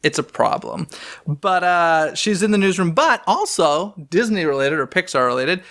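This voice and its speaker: A man co-hosting a fan podcast in casual chat, animated and chatty with self-deprecating asides. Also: sits high, moderate pace. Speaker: podcast co-host.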